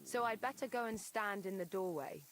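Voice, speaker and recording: An actress playing a suspicious, grumbling farm wife in a video game. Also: female voice, mid-range voice, expressive, normal speed, close to an everyday voice. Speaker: game character. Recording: game audio with loud farmyard noise.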